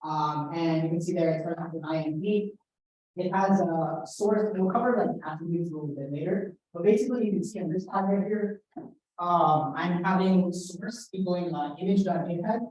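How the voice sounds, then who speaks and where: A woman's voice: on the low side, normal speed, a little mellow, distant mic, muffled recording. A young woman teaching a workshop in a casual classroom manner, hesitant, with many fillers and restarts. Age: young adult. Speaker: workshop instructor. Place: lecture room. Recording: roomy echo, voice from afar.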